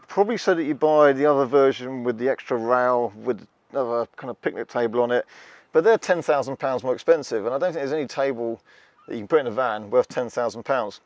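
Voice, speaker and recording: A man's voice: medium pitch, fairly quick, no echo. A man chatting casually in a wry, self-mocking way while showing off the inside of a passenger van. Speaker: van reviewer. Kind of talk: casual hands-on vlog demo.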